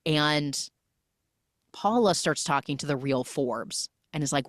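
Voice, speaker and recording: With a low-pitched voice and studio-quality audio free of room sound, a podcast host chats her way through a film's plot in a casual recap, dropping into quick snippets of each character's dialogue.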